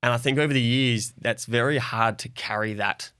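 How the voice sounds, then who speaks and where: A man's voice: mid-range voice, fairly quick, clear, resonant tone, no echo, clean studio sound. A young Australian man speaking openly and reflectively as a guest in a podcast conversation. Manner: open, reflective, soft-spoken.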